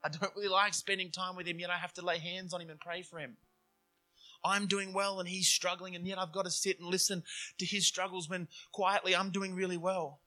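A man's voice: high voice, level tone, a little fast, sharp tone, soft background music. A man preaching a sermon in an earnest, conversational way, slipping into acted inner voices to make his points. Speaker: pastor.

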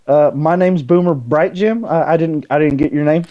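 A man's voice: a little high, moderate pace, no room sound, lo-fi sound. A man playing a tabletop game, polite and hesitant. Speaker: player. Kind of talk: casual tabletop play.

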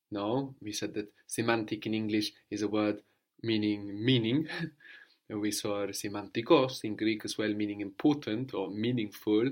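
A man teaching a language lesson, patiently prompting and repeating answers slowly. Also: fairly low pitch.

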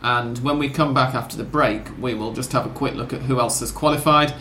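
A man's voice: medium pitch, fairly even intonation, brisk, sharp tone, echoey room, a little hiss or hum. A man hosting a casual football podcast, talking in long rambling sentences with wry self-corrections. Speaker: podcast host.

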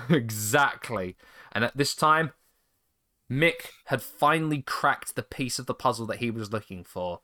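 A man co-hosting a casual podcast, telling a story with lively, swooping pitch and bursts of laughter. His voice sits at an ordinary middle pitch and he talks in an easy, chatty way. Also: unhurried. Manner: animated storyteller, laughs often. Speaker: podcast co-host. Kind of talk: casual chat, recapping a story.

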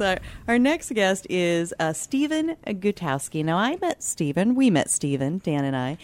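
A woman's voice: on the low side, dry recording. A woman hosting a talk radio show, upbeat and chatty, laughing easily.

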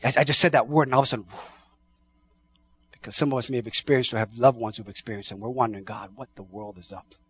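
A man preaching a sermon with passion, swinging from shouts down to hushed tones and often repeating his words. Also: mid-range voice, very fast, slightly rough. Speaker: pastor.

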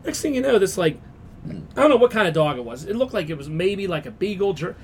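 A man's voice: high-pitched, very animated, fast talker, darkish tone, slight background noise. A man co-hosting a podcast, telling a story animatedly, swearing freely and acting out the people in it. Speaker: podcast co-host. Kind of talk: casual chat.

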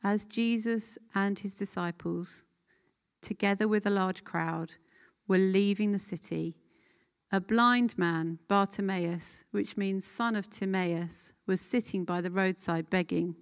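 A woman leading a guided scripture meditation, reading a passage aloud and calmly inviting listeners to pause and reflect. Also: medium pitch. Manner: calm, unhurried, gently instructive with pauses.

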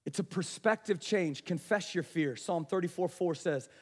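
A man preaching a passionate sermon, shifting between hushed, quiet moments and raised, urgent delivery. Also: high voice, normal speed, slightly rough. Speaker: pastor. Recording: reverberant hall.

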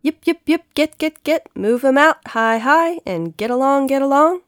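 A woman's voice: sits high, animated, moderate pace, no echo, studio quality, pitched above the performer's own voice. A woman voicing cowboys hollering at horses in a children's audiobook. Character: shouting cowboys driving horses. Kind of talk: storybook narration.

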